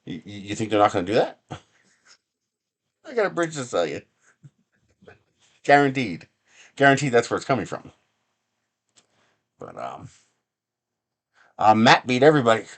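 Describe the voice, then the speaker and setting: A man's voice: medium pitch, huge pitch swings, moderate pace, pauses often, a bit bright. A man hosting a casual live stream from his home workshop bench, rambling and chuckling with sarcastic asides. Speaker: livestream host.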